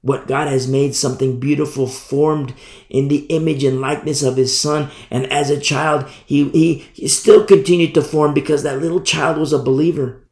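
A man preaching a sermon as pastor, swinging from hushed near-whispers to loud emphatic lines. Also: mid-range voice, echoey room. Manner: preaching with sudden drops to a hush and rises to loud emphasis.

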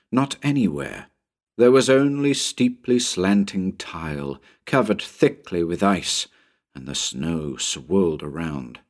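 A man narrating a horror short story in a measured, suspenseful audiobook style. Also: sits low.

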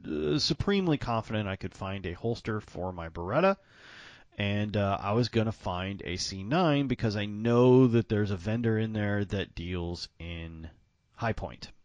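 Lower-voiced man telling a rambling story. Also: unhurried, no room sound, highs cut off. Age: adult with grown-up parents. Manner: rambling, animated, laughs often. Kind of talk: casual storytelling chat.

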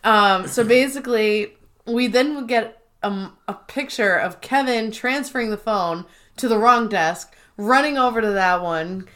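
A woman's voice: on the high side, measured pace, a bit bright. A woman co-hosting a podcast in casual chat, recapping episodes and acting out quoted lines. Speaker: podcast co-host.

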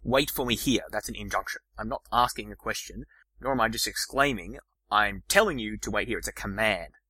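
A fast-talking man hosting an explanatory podcast, his lowish voice bright and forceful. He explains ideas in a lecture style with plenty of restarts, recorded close and dry. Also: dry recording, poor audio. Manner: fast, animated explaining with many restarts and fillers. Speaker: podcast host.

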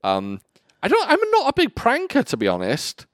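A man's voice: very high-pitched, huge pitch swings, moderate pace, dry recording, studio quality. A man co-hosting a podcast, chatting casually and telling rambling, self-amused stories. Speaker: podcast co-host. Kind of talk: casual chat.

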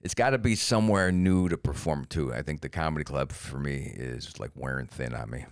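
A middle-aged man, a comedian and podcast co-host, chatting casually and jumping into silly high voices when he tells a story. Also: a little fast, no echo, clean studio sound. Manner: animated storyteller who jumps into silly high voices for quotes.

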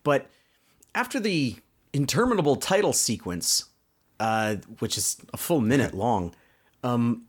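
Man, podcast co-host, sardonic, bemused, lively pitch. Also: unhurried, breathy edge. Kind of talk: casual chat, recapping a cartoon.

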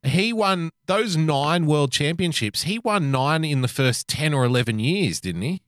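A man's voice: a little high, animated, unhurried, a bit bright. A man co-hosting a podcast, joking and teasing in casual chat. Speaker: podcast co-host.

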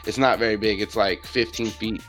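Low-voiced man running a tabletop game. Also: fairly even intonation, a little fast, fairly bright tone, faint music behind. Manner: casual, laughs often while narrating. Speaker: game master.

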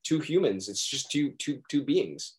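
A man's voice: mid-range voice, lively intonation, unhurried, a little mellow. A young man, an actor being interviewed, talking earnestly in a rambling way with many restarts. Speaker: actor guest. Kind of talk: casual interview chat.

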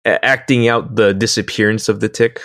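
A man chatting casually as a podcast co-host, talking in a measured, somewhat hesitant way. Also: fairly low pitch, steady tone, fairly bright tone, no echo, studio quality. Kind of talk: casual chat.

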